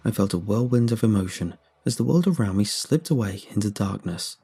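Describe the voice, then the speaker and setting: A man reading a first-person horror story aloud in a steady, measured way. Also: lowish voice, creaky, husky. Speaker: narrator. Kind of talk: scripted horror story narration.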